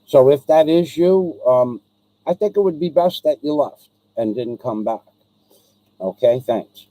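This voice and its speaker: A man's voice: mid-range voice, animated, measured pace, dark tone, no echo, poor audio. A man hosting his own live stream, speaking directly to a viewer in an aggrieved, repetitive way, with frequent ums and restarts. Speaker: livestream host.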